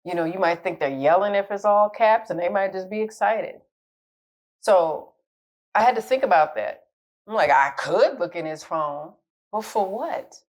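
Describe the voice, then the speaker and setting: A woman's voice: mid-range voice, normal speed, darkish tone. A middle-aged woman coach giving candid, conversational relationship advice, laughing at her own jokes now and then. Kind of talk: casual advice talk to camera.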